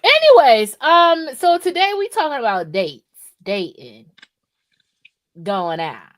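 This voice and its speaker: Lady podcast host ranting and cussing, kinda high voice, dry sound. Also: very animated, slow, dry recording. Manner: profane, rambling, keeps asking "right?". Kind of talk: casual chat.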